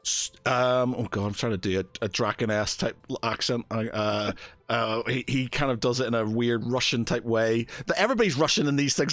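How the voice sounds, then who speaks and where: A man's voice: medium pitch, fairly quick, fairly bright tone, dry recording, faint music behind. Game master: man, loose rambling narration, dry sound. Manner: rambling, many fillers.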